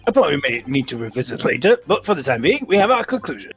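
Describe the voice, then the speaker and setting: A man's voice: on the high side, big pitch swings, fast, faint music behind. Theatrical male detective, grand and eccentric, read by a man. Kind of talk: voicing game dialogue.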